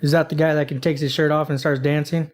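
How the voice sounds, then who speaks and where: A man's voice: a little high, little pitch movement, fast talker, darkish tone. A man co-hosting a podcast, joking around in casual chat. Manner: joking, teasing. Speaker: podcast co-host.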